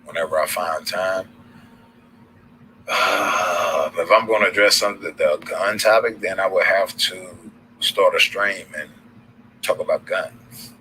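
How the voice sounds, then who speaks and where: Deep-voiced rambling Southern man, forceful. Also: fairly even intonation, measured pace, a little hiss or hum, poor audio. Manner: loose, rambling, slangy, many fillers. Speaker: livestream host. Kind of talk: casual livestream sign-off.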